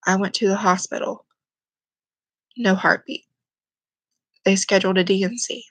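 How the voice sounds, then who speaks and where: Speaking to camera, a young woman shares something personal in a quiet, halting way, fighting back tears. Her mid-range voice barely moves up or down, and the recording is close and dry with no echo from the room.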